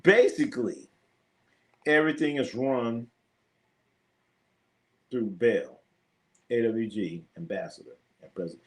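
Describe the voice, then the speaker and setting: A middle-aged man hosting a live sports stream, chatting casually with viewers and telling profane, animated stories. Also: medium pitch, takes it slowly, pauses often.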